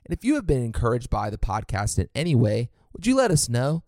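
A man hosting a podcast, announcing with lively, varied pitch. He sounds friendly and inviting, recorded dry and close. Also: fairly quick, dry recording. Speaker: podcast host.

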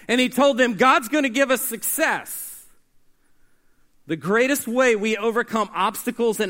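A man preaching a sermon, swinging between hushed, slow stretches and loud, emphatic calls, and getting the congregation to answer back. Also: very high voice. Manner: call-and-response with the congregation. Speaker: pastor.

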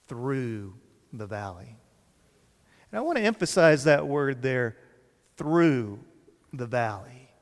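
A man preaching a sermon, slow and dramatic, dropping to soft lines and rising for emphasis. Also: a little high. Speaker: pastor. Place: large church hall. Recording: reverberant church hall.

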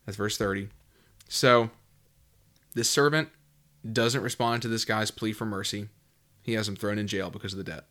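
Man teaching scripture with lively emphasis. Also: moderate pace, long pauses. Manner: reads scripture, then explains in a relaxed, musing way with fillers; swings into high, loud emphasis when stressing a point. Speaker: Bible teacher. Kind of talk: conversational Bible teaching.

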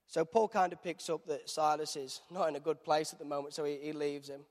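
A man's voice: fairly high pitch, steady tone, a little fast, hardly any pauses. A man preaching a sermon, telling a Bible story in a conversational storyteller's way. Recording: reverberant church hall.

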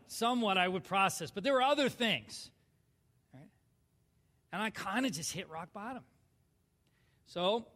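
A man in his thirties from southern California, telling his personal story in a sermon, swinging from hushed to loud. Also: sits high, long reverb tail. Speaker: church speaker sharing testimony.

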